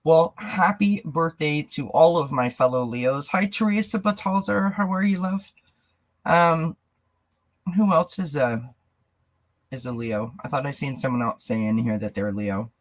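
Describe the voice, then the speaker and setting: A woman's voice: low voice, measured pace, low-quality recording. A woman hosting a tarot channel, chatting casually on a live stream, greeting viewers by name and laughing often. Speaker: tarot reader and channel host.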